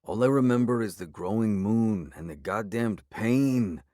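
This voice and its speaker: A man's voice: fairly low pitch, unhurried, dark tone, no room sound, clean studio sound, lightly acted. A man voicing a gaunt, furious male werewolf alpha with a growly, snarling delivery in an audiobook. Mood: desperate. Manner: snarling, hostile, defiant. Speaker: character voice in an audiobook.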